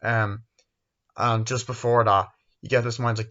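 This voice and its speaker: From his bedroom, a man in his twenties gives a rambling, profane film review, acting out scenes in a raised voice. He speaks at a measured pace, with a fairly low, steady, slightly bright voice, and the home recording is dull and lo-fi.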